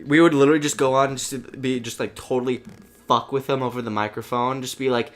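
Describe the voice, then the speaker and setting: A man's voice: mid-range voice, steady tone, fast talker. A young man co-hosting a casual gaming podcast, telling rambling stories full of restarts and acting out the voices he quotes. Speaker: podcast co-host.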